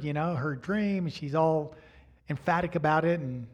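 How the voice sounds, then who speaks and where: A middle-aged male pastor delivering a storytelling sermon in a fairly high voice. He speaks in a chatty way, acts out the other people's lines, and keeps checking in with his listeners. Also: normal speed. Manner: animated storyteller acting out dialogue; chatty, asks "right?" and "you know".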